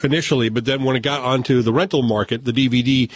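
A man's voice: mid-range voice, fairly even intonation, quick pace. A man hosting a casual movie chat, wry and conversational.

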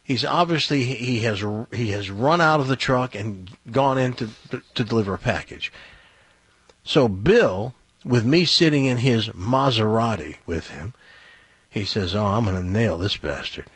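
A man telling a long personal anecdote on a talk show, in an animated storytelling way. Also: medium pitch, measured pace, breathy edge, no echo.

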